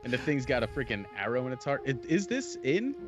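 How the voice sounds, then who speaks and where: Animated, laughing man rambling over a movie. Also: mid-range voice, brisk, music in the background. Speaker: co-host. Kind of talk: casual movie commentary.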